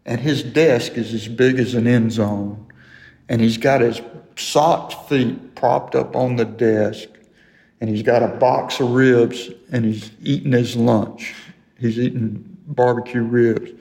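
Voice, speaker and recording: A man's voice: mid-range voice, fairly even intonation, slow, creaky, a little mellow. An older man telling a sports story as an interview guest, laughing through his own anecdote. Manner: folksy storyteller who laughs through the tale. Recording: long hall reverb.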